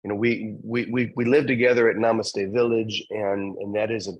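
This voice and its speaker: A man hosting a spiritual community session, calling on members gently and laughing often. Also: lowish voice, level tone, normal speed, no echo, lo-fi sound. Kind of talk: casual warm group chat.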